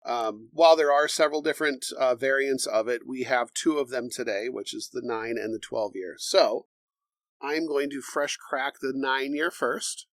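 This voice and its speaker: A man at an ordinary pitch talks through a tasting in a measured, explanatory way. The sound is dry and close, without room echo. He comes across as a relaxed podcast co-host. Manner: measured, explanatory, reads tasting notes aloud. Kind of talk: casual bourbon tasting chat.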